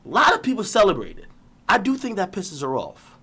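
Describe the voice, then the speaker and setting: A man's voice: sits high, wildly swooping pitch, fairly quick, bright, forceful tone, husky. A man on a live stream, ranting animatedly, laughing often and swearing as he reads out messages.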